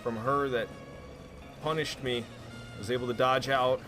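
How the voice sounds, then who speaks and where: A man with a medium-pitched voice talks at a moderate pace, calmly narrating a video game boss fight play by play. He perks up when big moments hit, and game music plays behind him.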